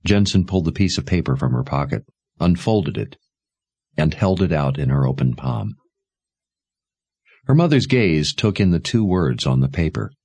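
A man narrating a novel aloud in a measured, expressive storytelling manner. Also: a bass voice, no echo. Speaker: audiobook narrator. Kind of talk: scripted narration.

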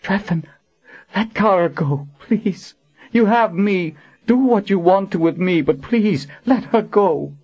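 A man's voice: sits high, lively intonation, slow pace, a little mellow, slightly rough, muffled recording, pitched above the performer's own voice, full character voice. A man voicing a desperate captive woman pleading urgently, in a storybook reading.

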